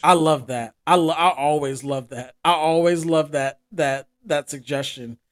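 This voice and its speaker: A man with a slightly high voice co-hosts a podcast in a relaxed, casual chat style. He steers the conversation loosely, with halting restarts along the way. He laughs along with his co-host. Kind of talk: casual music review chat.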